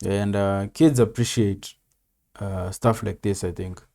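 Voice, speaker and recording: A man's voice: lowish voice, steady tone, a little slow, creaky, warm tone. A man casually commenting on a video, laid-back, swearing and saying "man" often. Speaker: reaction video host.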